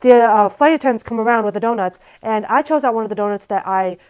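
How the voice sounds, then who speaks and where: A woman vlogger telling a story to camera in a casual, animated, exasperated way, with lots of "like". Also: a little high, fast talker, clear, resonant tone, rough recording. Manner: casual, filler-heavy speech with frequent "like".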